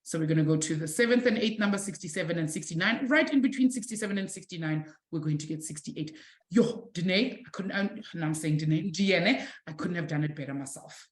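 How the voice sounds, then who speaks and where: A woman from South Africa teaching a live online maths lesson, encouraging her students warmly and calling them affectionate names. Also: fairly low pitch, quick pace, echoey room. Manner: warm, encouraging, calls students "my sweetie".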